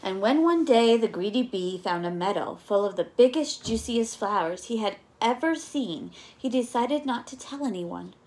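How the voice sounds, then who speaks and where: Gentle teacher reading to children. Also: female voice, a little high, lively intonation, moderate pace, few pauses. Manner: gentle, coaxing, asks listeners questions. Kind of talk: children's story time reading.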